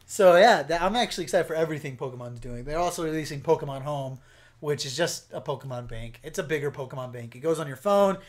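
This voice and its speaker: Excitable young man, casual podcast chat. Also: on the high side. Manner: excitable, swears freely, trails off with fillers. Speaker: podcast co-host.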